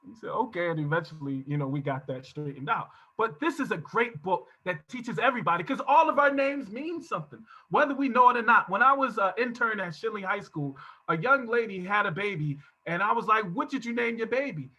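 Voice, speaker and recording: A man's voice: high voice, expressive, a little fast, bright, forceful tone. A middle-aged man presenting at an online workshop, telling stories and acting out the people he quotes. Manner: storytelling, acts out quoted voices. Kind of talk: casual talk on online workshop. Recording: dull, lo-fi video call audio.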